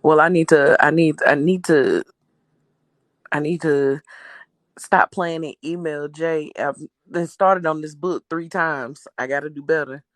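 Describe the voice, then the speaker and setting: A woman's voice: sits low, steady tone, a little slow, no echo. A woman, a guest in a casual live-stream chat, speaking emphatically and repeating phrases for effect. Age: 30s. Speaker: guest co-host.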